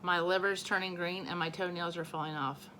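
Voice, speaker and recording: A woman reading aloud and voicing a pesky, playful little boy in a high, singsong way. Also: fairly even intonation, fairly quick, sharp tone, slight background noise. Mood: chirpy.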